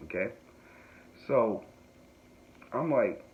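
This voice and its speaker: An animated male podcast host, medium in pitch and speaking at a normal speed, tells a rambling comedic story. Laughter comes often, along with asides that poke fun at himself. The sound is phone-like and tinny, with some faint noise.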